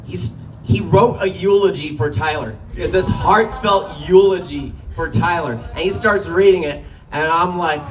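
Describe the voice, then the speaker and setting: A man's voice: fairly high pitch, a little slow, distant mic, rough recording. A man doing a stand-up comedy set, telling a story in a loose, profane way and laughing at his own jokes. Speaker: stand-up comic. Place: small comedy venue.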